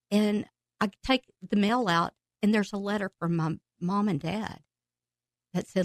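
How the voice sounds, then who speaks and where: Her mid-range voice unhurried and free of echo, a woman tells her personal faith testimony on a podcast. The telling is emotional, punctuated by laughter and excited outbursts.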